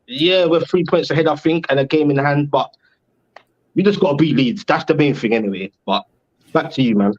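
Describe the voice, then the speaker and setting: A man's voice: on the high side, brisk, muffled recording. A man speaking frankly and casually about his football club as a fan on a panel.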